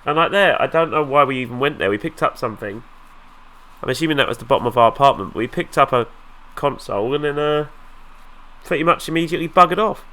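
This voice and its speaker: Guy with a bunged up nose chatting over a game, bright and bouncy, a bit sarcastic. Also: medium pitch, lively intonation, fast talker. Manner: sarcastic, exasperated asides. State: nasal from a flu. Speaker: let's play host. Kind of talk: casual gameplay commentary.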